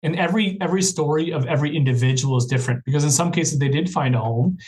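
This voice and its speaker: A man's voice: a little high, quick pace, a little mellow, rough recording. A man, a guest professor, talking earnestly in a podcast interview with many restarts.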